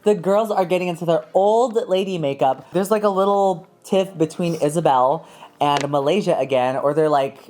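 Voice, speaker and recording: A man's voice: a little high, moderate pace, darkish tone. A man hosting a casual, campy reality-show recap chat. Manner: chatty and campy, playful wordplay. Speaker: drag race recap host.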